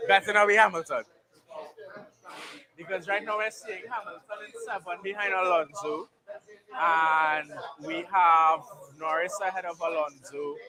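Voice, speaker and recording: A man hosting a live race watchalong, excitable and breaking into shouted mock commentary. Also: high voice, measured pace. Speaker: livestream host. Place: bar and grill. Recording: noisy bar crowd behind.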